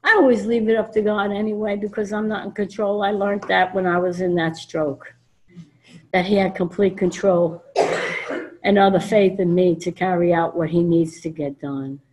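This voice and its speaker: An older woman from New York gives a personal testimony at a convention. She tells her story in a blunt, emphatic and animated way, and she acts out the lines of the people she quotes. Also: medium pitch, moderate pace, slight background noise, poor audio. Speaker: speaker at a recovery convention. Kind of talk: personal testimony to a live audience. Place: convention meeting room before an audience.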